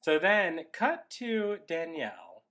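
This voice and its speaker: A woman's voice: on the low side, slow pace. A woman co-hosting a comedy podcast, recapping a film in casual chat and acting out characters' lines with laughter. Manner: animated storyteller, acts out characters' lines with laughs. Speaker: podcast co-host.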